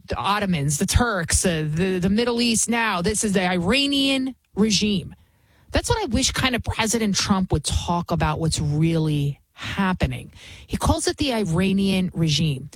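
Husky, fervent woman host. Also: mid-range voice, dry recording, poor audio. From United States. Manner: fervent and emphatic, rambling with many restarts. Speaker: political commentary host. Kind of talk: political commentary monologue.

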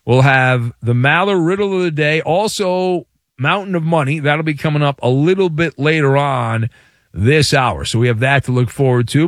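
A man hosting a sports talk radio show, delivering a playful, hyperbolic monologue with dramatic pauses. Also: fairly high pitch, no room sound, clean studio sound.

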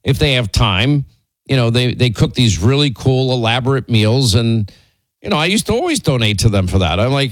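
A man's voice: mid-range voice, animated, normal speed, dry recording. A man hosting a radio talk show, telling stories in a rambling, teasing way with many restarts. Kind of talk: casual on-air storytelling.

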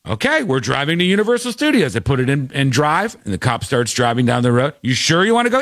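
A man's voice: medium pitch, fast, few pauses, dry recording, studio quality. A man hosting a casual talk show, telling stories animatedly and acting out the people he quotes. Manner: animated storyteller, acts out quotes. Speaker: podcast host. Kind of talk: casual chat.

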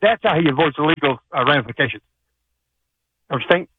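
Male caller, fast-talking rambler, husky voice, overdriven phone-line sound. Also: on the high side, animated, no echo. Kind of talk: rambling call-in chat.

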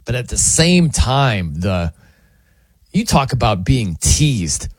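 A man's voice: medium pitch, takes it slowly, slightly rough, no echo, studio quality. A man hosting a sports radio show, telling a story in a casual, jokey way and acting out what people say. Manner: animated, jokey storytelling with acted-out quotes. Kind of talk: casual sports talk monologue.

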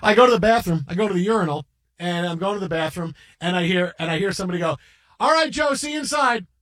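Fast-talking, high-voiced male radio host. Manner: rambling, excited anecdote-telling with many restarts. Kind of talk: casual on-air chat.

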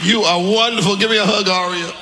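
A man preaching a sermon as pastor, calling for responses from the congregation, shouting at peaks and joking with the crowd. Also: high-pitched, fairly even intonation, fast, over music. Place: large church hall. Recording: long church hall reverb.

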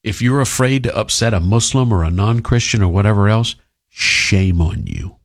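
A man's voice: lowish voice, big pitch swings, normal speed. A man hosting a talk radio show, delivering an emphatic, sarcastic monologue with mocking asides.

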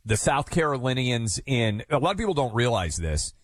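A man's voice: medium pitch, very animated, moderate pace. A man co-hosting a talk show, explaining things casually and thinking aloud as he searches for words. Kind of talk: casual conversational chat.

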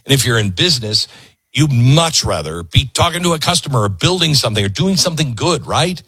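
A man's voice: medium pitch, sing-song, brisk, fairly bright tone, husky, no room sound. Sarcastic ranting talk radio host, man. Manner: sarcastic, ranting, mocking voices. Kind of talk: opinionated political talk radio.

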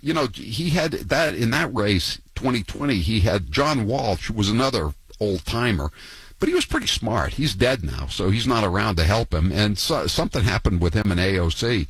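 Husky talk radio host guy, low voice, rambles on with wry gossip, dry sound. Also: no room sound, low-quality recording.

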